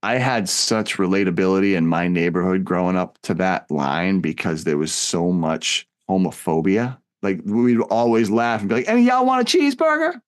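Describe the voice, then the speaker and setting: Deep-voiced guy on a movie podcast, thoughtful, kinda confessional. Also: moderate pace, few pauses. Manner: reflective, acts out quoted lines with big pitch jumps. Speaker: film podcast co-host. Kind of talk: casual film discussion.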